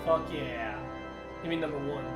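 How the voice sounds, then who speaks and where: Excitable high-voiced gamer guy. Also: normal speed. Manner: excitable, profane, loud teasing. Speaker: gamer streaming with a friend. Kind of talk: casual gaming chat. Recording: echoey room with game music.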